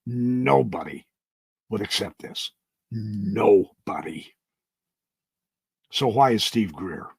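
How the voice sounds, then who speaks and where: This reaction-channel host has a lowish, breathy-edged voice with lively intonation, talking at a normal speed with hardly any pauses. He's emphatic and indignant, frequently restarting sentences with a stammer, and the recording is dry.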